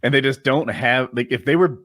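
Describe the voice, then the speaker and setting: A man's voice: mid-range voice, fairly quick, fairly bright tone, dry recording, clean studio sound. A man hosting a podcast, giving blunt, opinionated takes in casual chat and searching aloud for words. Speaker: podcast host.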